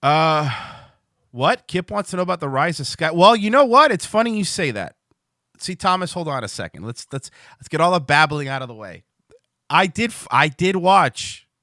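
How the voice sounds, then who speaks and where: A man with a bright, lively voice that swings up and down a lot, talking to viewers on his livestream. He rambles and swears freely, and he trips over his own restarts. The sound is dry and close. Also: a little high, normal speed, no echo. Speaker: livestream show host. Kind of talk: casual livestream chat.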